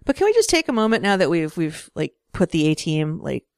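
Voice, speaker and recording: Playful, gravelly-voiced woman co-host. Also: fairly low pitch, wildly swooping pitch, brisk, dry recording, studio quality. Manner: playful, jokey, giggles often. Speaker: podcast co-host. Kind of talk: casual comic book podcast chat.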